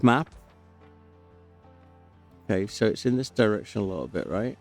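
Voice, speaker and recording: A man talking his way through a game in a casual, joking, self-chatting manner. His voice has a gravelly edge and swings around lively in pitch. Faint game music plays quietly behind him. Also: normal speed. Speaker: gameplay commentator. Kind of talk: casual gameplay commentary.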